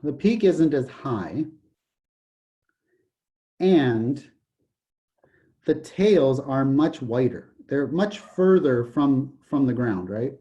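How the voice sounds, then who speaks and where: A man's voice: mid-range voice, expressive, drawn-out words, pauses often, mellow, highs cut off. A man teaching a college statistics lecture, joking and digressing, often saying "okay" as he explains. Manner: jokey, digressive, repeats "okay". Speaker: college math professor.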